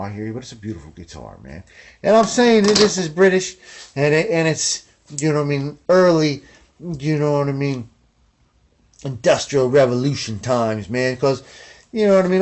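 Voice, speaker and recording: A laid-back man rambles through a casual video journal on an old guitar, steadily dropping "man" and "you know what I mean" as he goes. His voice sits at an ordinary middle pitch, and his talk is loose and unhurried. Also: darkish tone. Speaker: guitar collector and video host.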